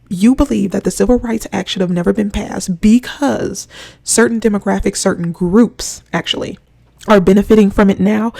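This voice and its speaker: A commentator reads from a prepared script in a measured, sarcastic tone that turns preachy. The voice sits at a middle pitch and is dark and mellow. A gravelly fry runs through it.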